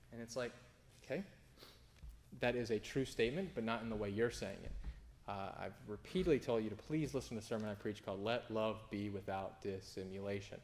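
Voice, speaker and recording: A man, a pastor, giving an informal sermon, often restarting phrases and jumping into sudden emphatic high bursts. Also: a little fast, darkish tone. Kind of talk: conversational sermon.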